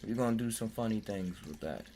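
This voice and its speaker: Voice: medium pitch, lively intonation, brisk, mellow, slight background noise. A podcast host in casual chat who jokes, laughs often, reads articles aloud and stumbles over words.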